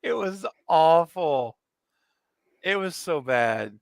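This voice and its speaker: A man's voice: a little high, measured pace, dry recording. A man in his forties on a casual livestream, telling a funny childhood story with lots of laughter. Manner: animated storyteller, laughs often. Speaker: co-host.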